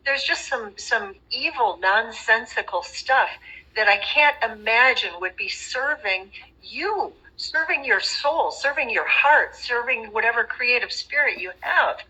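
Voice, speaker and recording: A woman joining a livestream as a guest, speaking in a measured, earnest, gently admonishing way. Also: fairly high pitch, poor audio. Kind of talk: casual livestream chat.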